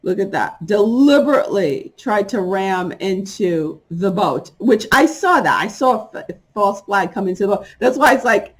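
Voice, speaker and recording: A middle-aged woman talking straight to her viewers in a casual monologue, emphatic and indignant, speaking in quick bursts broken by laughs. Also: mid-range voice, expressive, husky. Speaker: spiritual vlogger.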